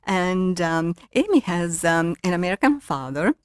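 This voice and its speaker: An older woman from Italy with an Italian accent, a guest author who talks haltingly with many ums and reads from her novel. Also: fairly low pitch, big pitch swings, smooth. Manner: hesitant, many ums and uhs. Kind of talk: interview, reading from her novel.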